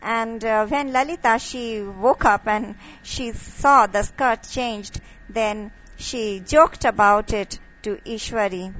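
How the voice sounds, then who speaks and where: A woman telling a devotional story and teaching from it, in a halting way with many fillers and restarts. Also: a little high, fairly bright tone. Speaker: devotional speaker. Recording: muffled lo-fi recording.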